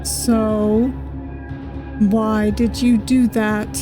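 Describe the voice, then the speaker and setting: A woman doing a soft-spoken yandere kidnapper. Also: mid-range voice, level tone, drawn-out words, over music. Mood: calm.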